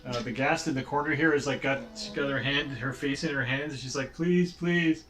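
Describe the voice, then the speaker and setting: A man runs a tabletop game as dungeon master, narrating in an animated, playful way. His pitch sits in the middle range. Faint music plays behind him. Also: fairly quick. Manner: laughing, animated, playful voices for monsters.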